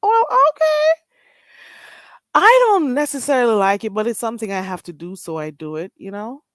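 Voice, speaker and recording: Lively Jamaican woman chatting on a livestream. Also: mid-range voice, fast talker, no echo. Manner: animated, laughing, exclaiming at chat. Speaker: livestream host. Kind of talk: casual livestream chat reading comments.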